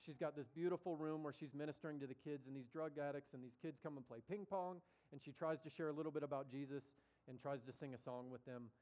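A man preaching a sermon as a story, conversational and animated, acting out the voices of the people in it. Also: fairly high pitch, quick pace, few pauses.

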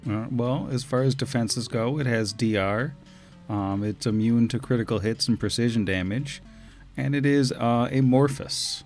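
A man's voice: medium pitch, moderate pace, darkish tone, faint music behind. A man serving as game master, plainly reading out monster defenses and abilities with frequent filler words. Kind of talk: running a tabletop game, reading monster stats.

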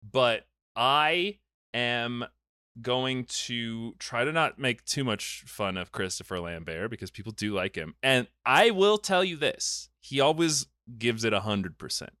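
A young man hosting a casual comedic podcast, recapping a movie in an animated, riffing storytelling manner. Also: mid-range voice, a little slow, smooth, no echo, clean studio sound. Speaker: podcast host recapping a film.

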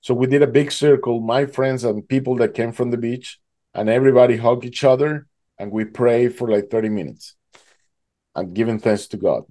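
Mellow-voiced man telling a survival story. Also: medium pitch. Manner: halting, fills with "like" and "you know". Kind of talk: emotional personal storytelling.

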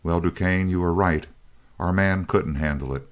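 A man's voice: deep voice, normal speed, lightly acted. A man reading the lines of a grim male business chief, blunt and businesslike, in an audiobook.

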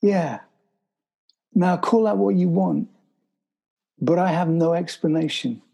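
Gravelly man telling a survival story. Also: high-pitched, lively intonation, warm tone, poor audio. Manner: halting, restarts sentences, vivid storytelling. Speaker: interview guest. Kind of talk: storytelling in conversation.

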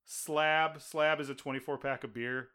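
Bright-voiced American man hosting. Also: mid-range voice, a little slow, smooth. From United States. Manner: laughing, animated storyteller. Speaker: podcast host. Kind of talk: casual chat.

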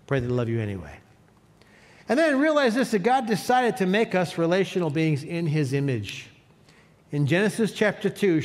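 A man preaching a sermon as pastor, leading his congregation in call-and-response. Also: a little high. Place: church sanctuary.

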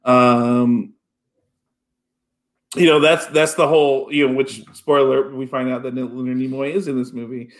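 A man's voice: medium pitch, fairly even intonation, a little slow. A man talking casually about a film, with many fillers and restarts. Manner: rambling, full of "you know" fillers. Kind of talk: casual chat.

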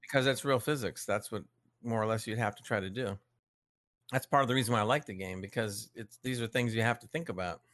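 An American podcast co-host casually tells a gaming story, chuckling and tossing in friendly asides. His voice is fairly low and fairly bright, and he talks fast; there's no echo.

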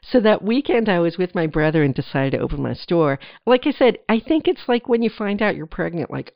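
A middle-aged woman from New Jersey hosting a podcast, telling her story in a chatty, animated way with playful asides to the listener. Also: on the low side, fairly quick, gravelly, hardly any pauses, no room sound. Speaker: podcast host. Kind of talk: casual solo storytelling. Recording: dry, slightly dull lo-fi sound.

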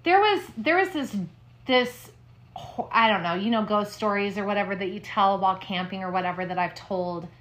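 A woman co-hosting a podcast, chatting casually and telling a campfire ghost story with dramatic hushed moments. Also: medium pitch, normal speed. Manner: dramatic, drops to hushed tones for spooky parts. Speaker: podcast co-host.

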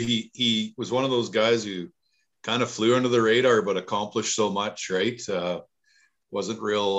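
Easygoing lower-voiced male co-host. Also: a bit bright. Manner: easygoing, agreeable, short replies. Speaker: podcast co-host. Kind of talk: casual chat.

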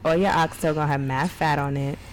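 A woman's voice: low voice, steady tone, brisk, crowd noise. A woman from Brooklyn in a casual chat as podcast co-host, blunt, swearing, telling stories with animation.

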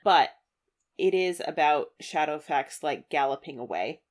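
A woman's voice: low-pitched, animated, measured pace. A woman co-hosting a casual podcast chat, talking in a loose, chatty way with many fillers, and sometimes reading passages aloud. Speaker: podcast co-host.

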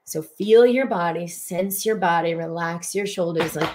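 A woman with a somewhat low voice talks through a spiritual healing broadcast. She is earnest and flowing, and she leans on repeated words to stress her points. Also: measured pace, darkish tone.

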